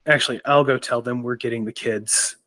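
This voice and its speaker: A man's voice: medium pitch, steady tone, brisk, bright, forceful tone. A man playing a tabletop game, stating his character's actions in a blunt, matter-of-fact way with casual swearing. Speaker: player. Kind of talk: casual tabletop role-play.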